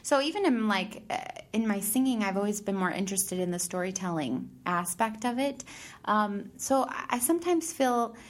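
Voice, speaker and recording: A bubbly woman in her thirties, a stage actor talking casually as a guest. She is chatty and laughs a lot, with plenty of "like" fillers. Her pitch sits in an ordinary middle range. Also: animated, moderate pace. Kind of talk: casual chat.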